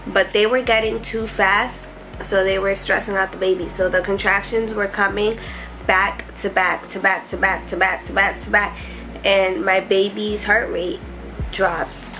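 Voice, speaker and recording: A young woman telling her hospital story to camera in a casual vlog, emotional and rushed, with many fillers. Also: mid-range voice, fairly even intonation, sharp tone, soft background music, rough recording. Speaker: vlogger. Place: hospital room.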